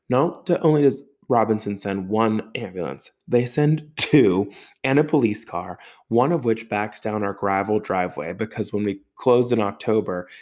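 Animated man with a low voice telling a story. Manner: animated storyteller with sound effects and swearing. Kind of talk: storytelling monologue.

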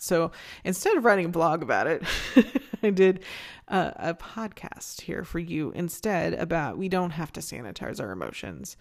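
A woman hosts a solo podcast, talking straight to her listeners. Her pitch swings widely as she goes, and she comes across as intense and passionate. She restarts her sentences often and swears freely. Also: very animated, normal speed, vocal fry. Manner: candid and casual, swears freely. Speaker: podcast host.

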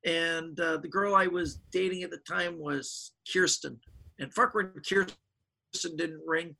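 A middle-aged man, a magician guest in an interview, telling animated stories and acting out the voices of people he quotes. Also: a little high, unhurried, gravelly, low-quality recording. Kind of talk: casual storytelling interview.

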